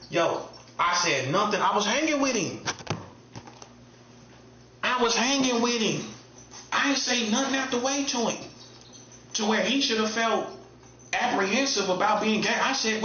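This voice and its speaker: A man's voice: high voice, pushed and bright, a little hiss or hum. A man giving a casual, emphatic monologue as an online preacher, repeating himself in street slang. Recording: echoey room, dull lo-fi sound.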